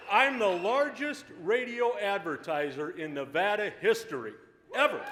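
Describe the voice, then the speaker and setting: High lively guy at a podium, brash and cussing, joking around, crowd chatter and noise all over. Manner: loud, joking, swearing freely. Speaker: company CEO accepting an award. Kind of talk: brash, profane acceptance speech. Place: banquet hall at an awards dinner. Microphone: podium microphone. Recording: live hall recording with crowd and noise.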